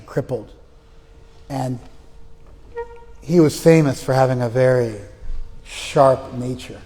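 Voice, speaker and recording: A man's voice: medium pitch, a little mellow, big-room sound. A man giving a spiritual lecture who chants verses and then explains them in plain words, telling stories with voices. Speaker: spiritual teacher. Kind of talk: lecture on scripture. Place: class room.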